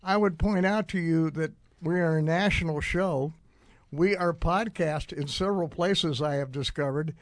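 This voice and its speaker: Radio host, male, slightly high voice, dry studio sound, talks in loose rambling asides. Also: moderate pace, no room sound. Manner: rambling, frequent uh fillers and restarts. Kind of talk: casual radio talk.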